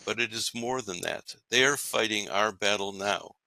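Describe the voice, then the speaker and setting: A man's voice: on the low side, normal speed, creaky, pushed and bright, no echo, poor audio. A man hosting a podcast, reading his own scripted commentary in an emphatic, declamatory way. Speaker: podcast host. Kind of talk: read-aloud scripted commentary.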